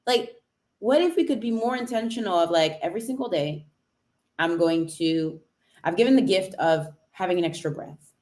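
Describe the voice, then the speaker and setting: A woman's voice: fairly low pitch, moderate pace, darkish tone. Chatty woman hosting a live stream. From Cambridge, England. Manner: chatty, greets viewers by name mid-sentence. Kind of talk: casual motivational live stream.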